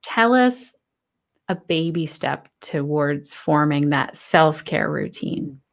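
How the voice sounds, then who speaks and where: A woman's voice: low-pitched, lively intonation, slow pace, vocal fry. A woman host asking questions in a thoughtful, conversational live interview.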